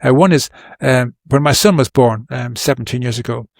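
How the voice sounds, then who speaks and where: An earnest, middle-aged man talks through advice in a loose, rambling way, often restarting his sentences. His voice sits in an ordinary middle pitch. The sound is dry and close, with no room echo. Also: moderate pace, vocal fry. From Ireland. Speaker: podcast guest. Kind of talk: casual advice talk.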